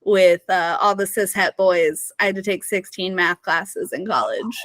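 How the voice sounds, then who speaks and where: A woman's voice: on the low side, unhurried, fairly bright tone, no room sound. A woman from Missouri, a podcast guest, talking casually and chattily with lots of "like" and "you know" fillers. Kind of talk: casual conversational interview.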